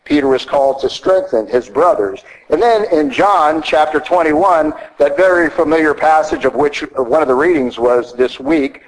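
A man's voice: fairly high pitch, moderate pace, hardly any pauses, rough recording. A man with a Southern American accent preaching a sermon, emphatic and teacherly, often asking rhetorical questions.

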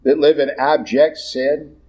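A man's voice: a little high, level tone, a little slow, mellow, poor audio. A man preaching a sermon in a blunt, conversational way, with slangy asides mixed into his teaching.

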